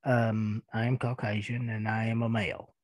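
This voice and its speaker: A man's voice: fairly low pitch, level tone, dry recording. Chuckly Eastern Kentucky man. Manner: chuckling, rambling, halting with fillers. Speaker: podcast host. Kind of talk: casual listener-mail chat.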